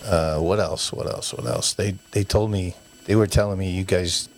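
A man's voice: sits low, moderate pace. A man from the United States casually telling childhood stories, acting out his parents' voices as he goes. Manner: animated storyteller who acts out parents' voices. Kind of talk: casual storytelling chat.

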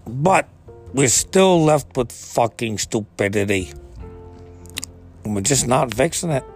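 A man's voice: mid-range voice, animated, slow, breathy edge, soft background music. A man delivering a profane, exasperated comedic rant, swearing freely and climbing into outbursts. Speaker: ranting commentator.

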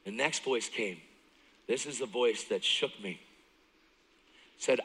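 Male guest preacher with a bright, forceful voice, animated testimony with loud bursts and hushed asides. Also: lowish voice, moderate pace, long pauses, husky, in a large hall, poor audio. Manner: animated storytelling, jumps between loud and hushed; laughs often, talks straight to the crowd. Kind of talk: sermon, personal testimony. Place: church service.

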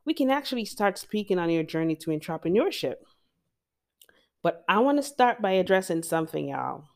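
A woman's voice: fairly low pitch, very animated, fairly quick, darkish tone. A Jamaican woman hosting a motivational podcast, talking straight to her listeners in an emphatic, encouraging way. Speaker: podcast host.

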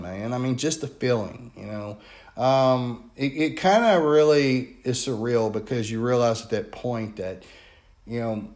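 A man with a Louisiana accent tells a story in a loose, animated way. He fills his talk with "um" and "you know." His voice sits at an ordinary middle pitch. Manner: chatty and animated, many fillers. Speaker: paranormal investigator. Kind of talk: casual storytelling.

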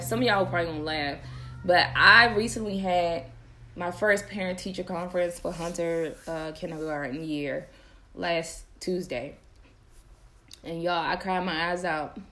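A woman's voice: lowish voice, moderate pace, sharp tone, slight background noise. A young woman hosting a podcast, chatting casually and animatedly to her viewers, laughing often. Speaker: podcast host.

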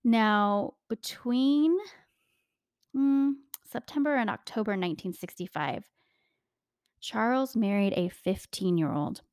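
A young woman hosting a casual true-crime podcast, chatty and animated, laughing often and talking straight to her listeners. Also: a little high, unhurried, clear, resonant tone, no room sound, clean studio sound. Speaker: podcast host.

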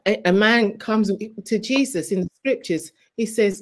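A woman's voice: medium pitch, measured pace. A woman who is a guest author, sharing a fervent faith testimony in an interview. She speaks like a preacher and repeats key phrases for emphasis.

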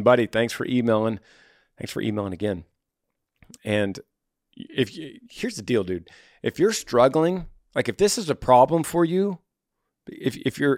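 Male host, casual advice talk, animated storyteller, dry close mic. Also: mid-range voice, no room sound. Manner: animated, acts out little scenes in quoted voices. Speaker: host answering listener emails.

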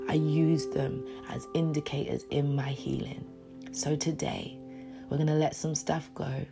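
Soulful woman with a gravelly low voice. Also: fairly even intonation, normal speed. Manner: soulful, repeats phrases, drops to a whisper. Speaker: motivational speaker. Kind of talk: inspirational talk with poem reading. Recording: soft guitar music behind.

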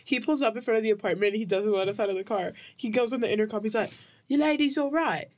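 Young female podcast co-host, casual storyteller, mid-pitched, laughs a lot. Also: fairly even intonation, rapid-fire, a little mellow. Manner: chatty, lots of "like", laughs often.

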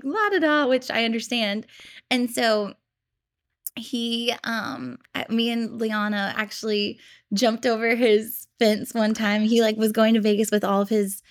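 A woman in her twenties telling stories in a casual podcast chat, chatty and giggly, with lots of fillers. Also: on the high side. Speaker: podcast host.

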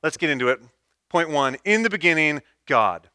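A man's voice: fairly high pitch, lively intonation, normal speed, bright, forceful tone, clean tone, no echo, clean studio sound. A man preaching a sermon, stepping through numbered points and repeating key phrases for emphasis. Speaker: pastor.

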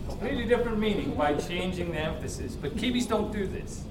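Energetic Irish man lecturing in an echoey hall. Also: sits high, fast talker, hardly any pauses. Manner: energetic, demonstrates with exaggerated emphasis. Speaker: workshop presenter. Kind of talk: interactive teaching talk. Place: large hall with audience. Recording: echoey hall, mic far off, crowd noise.

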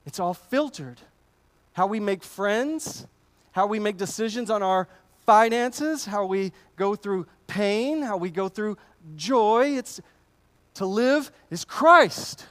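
A man's voice: sits high, takes it slowly, smooth. A man preaching a sermon to his congregation, conversational and emphatic, often repeating words as he goes. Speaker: pastor.

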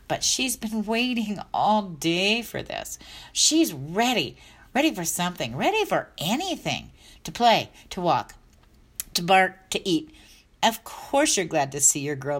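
A middle-aged woman, a dog health coach, talking in a chatty, upbeat, rambling way. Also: lowish voice. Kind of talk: casual vlog talk.

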